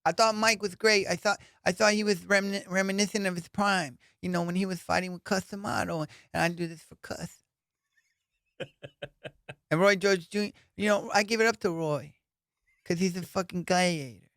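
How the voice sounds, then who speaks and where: A man hosting his comedy podcast in casual chat, telling profane, animated stories and laughing often. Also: sits high, moderate pace, no echo, studio quality.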